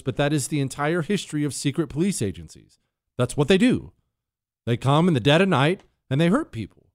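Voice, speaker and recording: A man's voice: medium pitch, no room sound, studio quality. A man hosting a talk radio show, telling a story with dramatic flair and sound effects, then answering listener questions.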